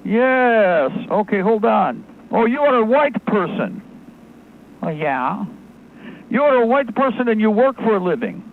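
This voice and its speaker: A man voicing a cold, smug male government bureaucrat with a mock-Soviet manner, speaking in slow, clipped, condescending phrases. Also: sits high, very animated, exaggerated voice. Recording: tinny phone-line audio, faint noise.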